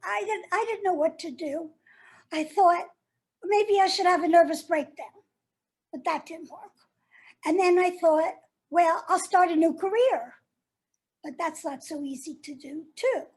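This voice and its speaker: A woman playing a bitter, wounded jilted lover, very high-pitched. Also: measured pace, long pauses, a little mellow. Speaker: actor performing a monologue. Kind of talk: stage monologue.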